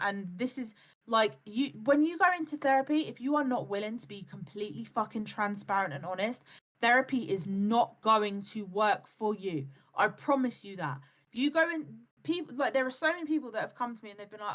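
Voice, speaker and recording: A woman's voice: a little high, fairly quick, fairly bright tone. Blunt, sweary woman streamer lecturing. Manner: blunt, swears a lot, lectures and mimics others. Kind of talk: heated live-stream chat.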